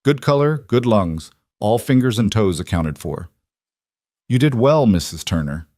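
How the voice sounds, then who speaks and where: A man voicing a brisk frontier doctor. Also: fairly low pitch, animated, dark tone, dry recording, clean studio sound.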